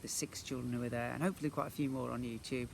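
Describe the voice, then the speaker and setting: A man, a primary school teacher, reading a children's book aloud in an expressive way. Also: medium pitch, racing, gravelly, slight background noise. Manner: animated, expressive storyteller.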